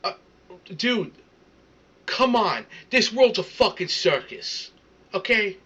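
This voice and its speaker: High bright-voiced man ranting. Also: lively intonation, slow, breathy edge, rough recording. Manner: swearing, stammering, repeats words. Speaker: streamer reacting to a video. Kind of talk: casual ranting commentary.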